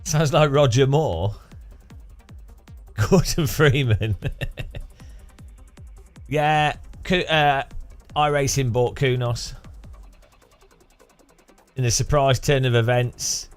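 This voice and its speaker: A man's voice: medium pitch, slow pace, pauses often, soft background music. A man hosting a casual live stream, joking and rambling as he chats with viewers, laughing at his own jokes. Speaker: streamer host.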